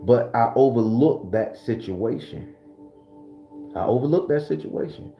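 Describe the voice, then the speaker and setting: Man host, profane streetwise storyteller, mellow tone, echoey room. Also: medium pitch, expressive, measured pace, vocal fry, faint music behind. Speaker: spiritual channel host. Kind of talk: casual storytelling.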